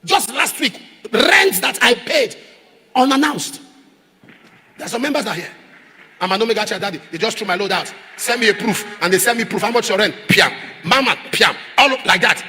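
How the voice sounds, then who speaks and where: A man preaching a sermon as a pastor, emphatic, repeating phrases and rising to shouts. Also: high-pitched, animated, normal speed, breathy edge, long reverb tail. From Nigeria.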